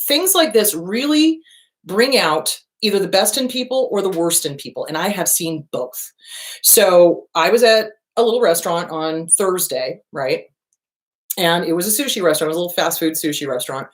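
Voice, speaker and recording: A middle-aged woman hosting a show, talking in a blunt and animated way with a lot of swearing, like a casual monologue. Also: lowish voice. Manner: blunt, profane, animated storytelling. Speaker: host.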